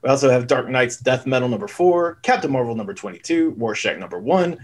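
A man's voice: medium pitch, lively intonation, a little fast. Man reading a list steadily. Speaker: podcast panelist.

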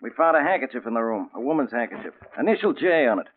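Give me a dry police captain on old radio. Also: male voice, mid-range voice, very animated, fast. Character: wry male police captain, blunt and knowing. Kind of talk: 1940s radio drama acting. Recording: tinny old radio broadcast.

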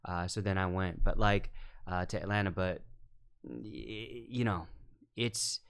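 Director guest on a chat podcast; low, resonant male voice, measured and thoughtful, full of "you know" fillers. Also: fairly bright tone, clear, resonant tone. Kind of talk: casual podcast conversation.

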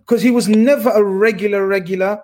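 A man hosting a casual football chat, talking in an animated, slangy, emphatic way. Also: high-pitched, fairly quick. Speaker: podcast host.

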